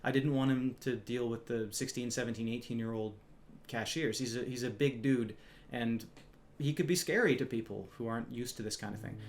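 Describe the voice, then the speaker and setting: A man's voice: medium pitch, fairly quick. A man casually telling a story from his retail job, wry and conversational, a little smug, swearing now and then.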